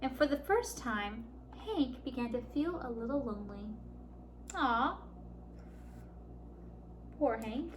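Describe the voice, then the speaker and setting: A woman reading a picture book aloud to children at a library storytime, warm and animated. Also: a little high, slow pace, long pauses, a little hiss or hum. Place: public library.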